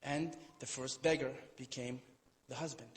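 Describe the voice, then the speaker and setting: A man's voice: mid-range voice, steady tone, normal speed. A man giving an Islamic lecture to an audience in a hall, telling a story conversationally with playful asides. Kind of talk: storytelling sermon. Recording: long hall reverb.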